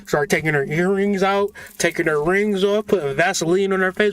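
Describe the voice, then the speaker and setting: A man hosting a spiritual channel, delivering a profane, mocking, animated comedic rant. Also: fairly high pitch, normal speed, hardly any pauses, smooth.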